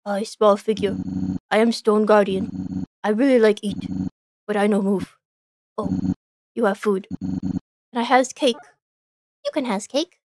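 A woman voicing a slow, simple-minded stone guardian creature in a video game, speaking in broken sentences. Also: mid-range voice, wildly swooping pitch, creaky, background noise, pitched below the performer's own voice, heavily acted.

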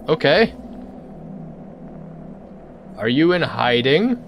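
A man giving let's-play commentary in an unhurried, drawn-out delivery, his pitch sitting a little high and swinging widely. He jokes and talks back to the game, and trips over his words when something startles him. A faint hiss sits under the voice. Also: very animated, vocal fry. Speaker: gaming channel host.

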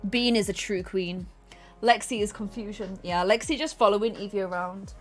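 A woman's voice: medium pitch, moderate pace, soft background music. A chatty, bubbly woman streaming a life sim game at her desk at home, talking to her viewers and her pets. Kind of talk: casual live-stream chat.

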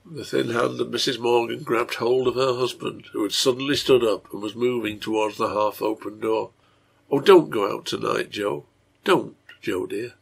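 A man reading his own translation of a serialized novel aloud, in steady storybook narration. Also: medium pitch, creaky.

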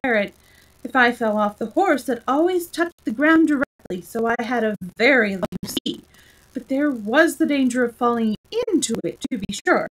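A woman voicing a rambling, eccentric old male knight inventor who explains his ideas slowly and earnestly. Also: on the high side, animated, rough recording. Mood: proud.

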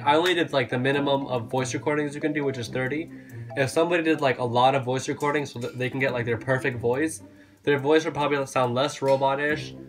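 A casual YouTuber man chats loosely to camera at a mid pitch, rambling and giggling through his stories. Music plays clearly underneath his voice throughout. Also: a bit bright. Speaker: YouTuber host. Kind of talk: casual vlog chat.

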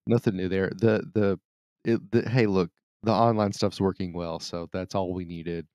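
A man with a lowish voice tells rambling stories on a casual podcast, restarting sentences and laughing along. The recording is dry and close. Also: moderate pace, no room sound, highs cut off. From United States. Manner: relaxed, rambling anecdotes, crude jokes, frequent restarts and laughs. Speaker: podcast co-host.

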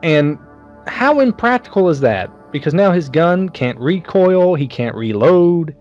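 Higher-voiced man cracking crude jokes. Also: animated, measured pace, darkish tone, lo-fi sound, faint music behind. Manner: crude, joking, acts out scenes in silly voices. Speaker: podcast co-host. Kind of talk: casual movie chat over beer.

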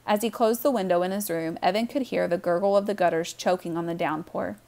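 A woman reading a children's novel aloud with warm, expressive storytelling. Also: fairly low pitch, a little fast, creaky. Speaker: audiobook reader.

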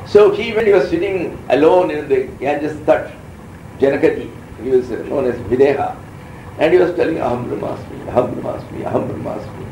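A man's voice: a little high, darkish tone, a little hiss or hum. A man in his seventies with an Indian accent, giving a meandering, anecdotal scriptural discourse as a spiritual teacher. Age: 70s. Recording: roomy sound from a distant mic.

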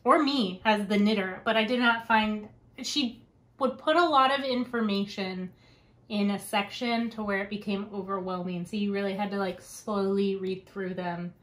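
A woman's voice: mid-range voice, moderate pace, fairly bright tone. A young adult woman hosting a podcast in casual chat, talkative and given to tangents and laughter. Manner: chatty, laughs often, wanders onto tangents. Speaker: podcast host.

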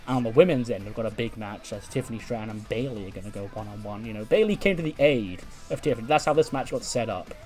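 A man's voice: on the low side, fast talker, hardly any pauses, darkish tone, soft background music. Chatty man recapping a wrestling game. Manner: chatty recap, frequent laughs and fillers, swears. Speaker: gaming YouTuber. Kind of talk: casual let's-play commentary.

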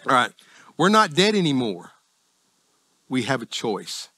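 A middle-aged man with a Southern US accent preaching a sermon in a folksy, self-deprecating, conversational way with sudden jumps in pitch. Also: big pitch swings, measured pace, pushed and bright, dry recording. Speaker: pastor.

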